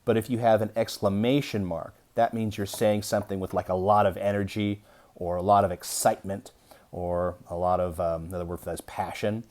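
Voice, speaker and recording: A young adult man teaching an early-grade reading lesson, reading aloud slowly and deliberately to young children. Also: fairly low pitch, little pitch movement, darkish tone.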